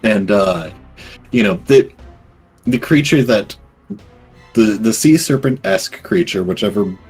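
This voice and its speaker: A man narrating as game master of a tabletop game, casual and halting, with many fillers. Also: fairly low pitch, animated, a little mellow, breathy edge, soft background music.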